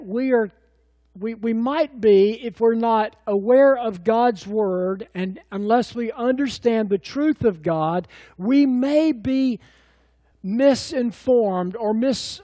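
A man's voice: high voice, dark tone, no echo. A middle-aged man preaching a sermon as pastor, telling stories in a folksy way with many fillers and restarts.

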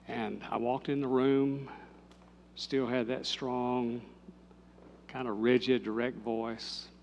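An older man, a pastor telling a story in a sermon, moving from lively telling to hushed, intimate speech. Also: medium pitch, takes it slowly, slight background noise.

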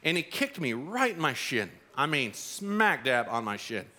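A man's voice: mid-range voice, big pitch swings, unhurried, sharp tone. A man preaching a sermon as pastor, telling a personal story with acted-out quotes. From Arizona.

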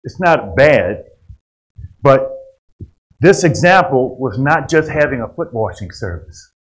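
A man preaching a sermon, rising to loud emphatic passages and dropping to quiet asides. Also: medium pitch, very animated, slow pace, husky, poor audio.

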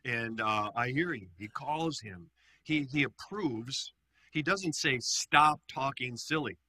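A man, a pastor leading a Bible study, teaching in a lively, animated way and often putting questions to his group. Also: medium pitch, slow pace, breathy edge, no room sound.

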